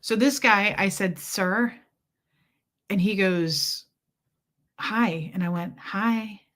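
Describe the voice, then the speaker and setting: A woman's voice: medium pitch, takes it slowly, fairly bright tone. A woman hosting a casual livestream from home, telling a rambling story and greeting viewers. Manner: rambling, chatty storytelling with asides to viewers and pets. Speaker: livestream host.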